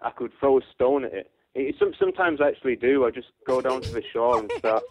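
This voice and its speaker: A man's voice: medium pitch, steady tone, quick pace, background noise. A man from northwest England with a northern English accent, calling in to a radio show and joking in casual chat. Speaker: caller.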